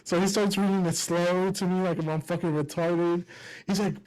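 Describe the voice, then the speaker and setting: Male podcast host, raised pitch, crude and animated storyteller. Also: normal speed, rough recording. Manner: crude, animated storytelling with frequent laughs and swearing. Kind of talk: casual chat.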